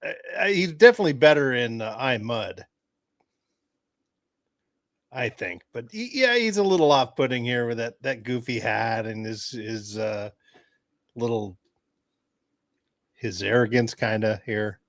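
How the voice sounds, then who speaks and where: A man's voice: mid-range voice, expressive, no room sound, studio quality. Hesitant man co-hosting a livestream. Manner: hesitant, halting with fillers. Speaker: co-host. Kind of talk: casual livestream chat.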